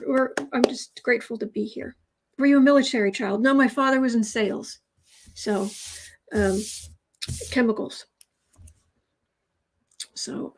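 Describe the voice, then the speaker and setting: A woman from the United States hosts a tarot livestream and chats loosely with her viewers. Her voice sits a bit high, and she drifts from story to story in a casual, talkative way. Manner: chatty, digressive storytelling. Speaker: tarot reader, livestream host.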